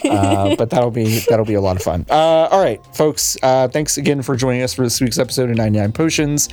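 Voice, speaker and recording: A man's voice: medium pitch, expressive, a little fast, darkish tone, soft background music. A man hosting a podcast, wrapping up the episode in a rambling, playful way with lots of fillers. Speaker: podcast host. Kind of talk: casual podcast sign-off chat.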